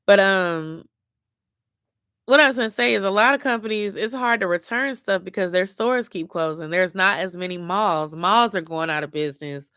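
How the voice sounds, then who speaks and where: A young woman chats late at night with her viewers, drowsy and rambling. Her talk is loose and informal, with a mid-range pitch. The sound is dry and close. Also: moderate pace, a bit bright, no room sound. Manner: chatty, rambling, informal slang. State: sleepy, yawning. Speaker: lifestyle vlogger.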